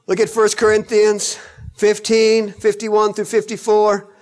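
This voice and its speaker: A man delivers a sermon in a high-pitched voice. He preaches with animated emphasis and breaks into joking asides now and then. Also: a little slow.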